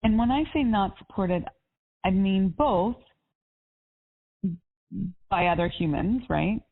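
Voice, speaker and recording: A woman's voice: medium pitch, expressive, slow pace. Upbeat woman coach over a phone line. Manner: upbeat, encouraging, spiritual. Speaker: life coach. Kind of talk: coaching call. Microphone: phone or call line. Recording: tinny phone-line audio.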